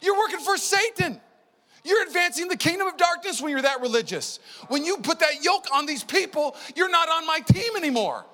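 Casting: a preacher putting on a furious savior, high strained shouting, bright edge. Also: male voice, lively intonation, fast. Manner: shouting, rebuking. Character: fiery scolding male preacher-savior, adult. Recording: long church hall reverb.

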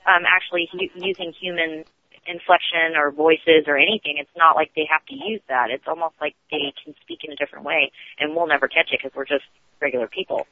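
High-voiced man on a tinny phone line. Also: a little fast, dry recording. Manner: rambling, restarts often. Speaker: guest on a radio show. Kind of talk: casual storytelling on a call-in.

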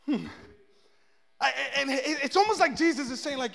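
A man's voice: extremely high pitch, moderate pace, vocal fry. A man preaching a casual, comedic sermon in a church, telling stories and acting out what people say. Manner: animated storytelling, acts out quotes. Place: church sanctuary. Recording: long echo of a large hall.

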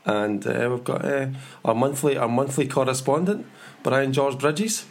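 A middle-aged man hosting a casual football podcast. He rambles cheerfully, trails off into fillers and jokes with his co-hosts in an ordinary, mid-pitched voice. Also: a little slow, gravelly. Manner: chatty, jokey, trails off with fillers. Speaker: podcast host. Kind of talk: casual chat.

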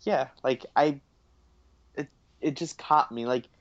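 A man's voice: mid-range voice, slow pace, no echo, muffled recording. A young man in casual podcast chat, rambling with many fillers and frequent laughs. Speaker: podcast co-host.

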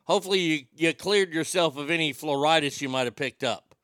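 A man's voice: fairly high pitch, a little fast, fairly bright tone, smooth, dry recording, studio quality. A man hosting a casual live show, reading out viewer greetings and joking back at them. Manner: jokey, reads viewer greetings and answers them. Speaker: show host reading chat messages.

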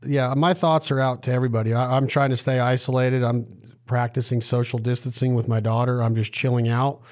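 A middle-aged man from Nevada hosting a casual podcast chat, energetic and rambling, listing things in quick runs. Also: mid-range voice. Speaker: podcast host.

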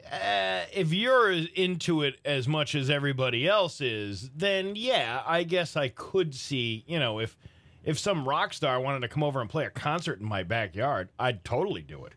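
A man's voice: a little high, expressive, normal speed, pushed and bright, dry recording. Rambling joking man in casual chat. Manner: rambling, joking, many fillers. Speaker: podcast co-host.

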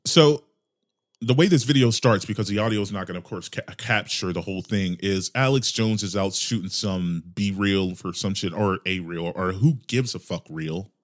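A man riffs through a comedic podcast monologue, his voice jumping from loud exclamations to low mutters. He talks casually and swears freely, keeping an animated, restless energy. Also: moderate pace. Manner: animated, profane ranting with mock voices. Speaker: podcast host.

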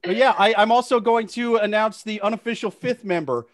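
A man hosting a comedy podcast, trading quick sarcastic banter laced with swearing. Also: high-pitched. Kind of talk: joking casual chat.

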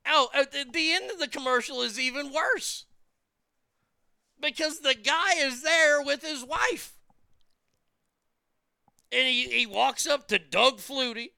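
Bright gravelly man ranting comically. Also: very high-pitched, dry recording. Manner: profane, mocking, animated storytelling with stammered restarts. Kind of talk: comedic rant.

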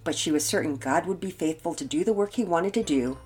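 An older woman, a grandmother, reading a children's story and chatting as host in a gentle, expressive way. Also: low voice, brisk, faint music behind.

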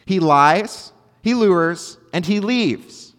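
A fairly high-voiced man preaches earnestly to his congregation, driving points home with repetition. His words ring out with a long hall reverb. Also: expressive, drawn-out words, a bit bright. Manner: earnest, emphatic preaching with repeated phrases. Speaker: pastor. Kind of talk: sermon.

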